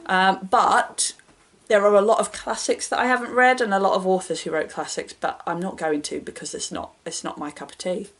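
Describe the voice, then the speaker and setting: Woman book vlogger, casual and self-deprecating, bright question reads, offhand answers. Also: mid-range voice, steady tone, brisk.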